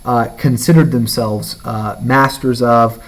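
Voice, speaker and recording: A male teacher giving a recorded literature lecture, pausing often with "uh" and "all right?" and reading a passage aloud slowly. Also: mid-range voice, fairly even intonation, low-quality recording. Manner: frequent fillers and "all right?" check-ins, reads passages aloud slowly. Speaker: high school English teacher.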